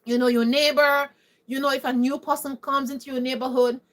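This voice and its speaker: High-voiced woman. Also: little pitch movement, a little fast, fairly bright tone. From Caribbean. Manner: emphatic, preachy, repeated rhetorical questions. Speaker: vlogger. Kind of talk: opinionated monologue to camera.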